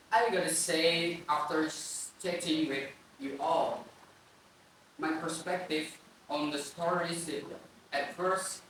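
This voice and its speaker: A man's voice: a little high, bright, forceful tone. A young man co-hosting a student book podcast, reading a casual script with small slips. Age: young adult. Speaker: podcast co-host. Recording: echoey room, far-off mic, faint noise.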